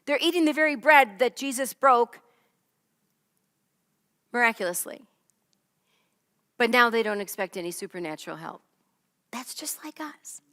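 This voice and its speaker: A woman's voice: fairly high pitch, expressive, normal speed, pauses often, a bit bright, in a large hall. A woman teaching a Bible lesson in a conversational way, often checking in with "right?" and "okay?". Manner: chatty, keeps asking "right?" and "okay?".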